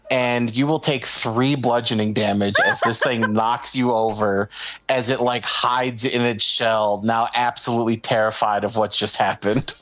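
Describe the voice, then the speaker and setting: A man narrating a tabletop game as game master, easygoing and relaxed, with filler words. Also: medium pitch, no echo, highs cut off.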